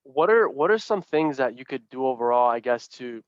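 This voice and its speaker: A man's voice: mid-range voice, lively intonation, moderate pace, dry recording. A man hosting an interview, asking questions hesitantly with repeated words and lots of praise. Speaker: podcast host. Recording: slightly muffled dry audio.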